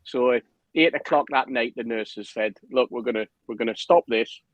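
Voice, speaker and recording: A man telling a lively anecdote on a podcast, acting out the other people's lines. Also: mid-range voice, moderate pace, no room sound, muffled recording. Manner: animated storyteller, acts out quotes, laughs often. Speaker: podcast guest telling a story. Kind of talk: casual anecdote.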